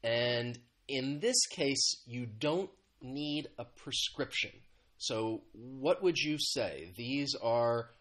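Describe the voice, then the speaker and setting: A man's voice: medium pitch, expressive, takes it slowly, a bit bright. Upbeat man teaching English vocabulary. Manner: encouraging, greets viewers by name, repeats and rephrases. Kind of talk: live-streamed vocabulary lesson.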